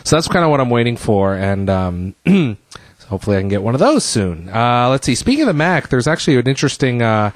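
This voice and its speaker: A man's voice: medium pitch, big pitch swings, fairly quick, no echo. A man hosting his own podcast solo, chatting casually and rambling with fillers and restarts, a bit out of breath. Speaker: podcast host.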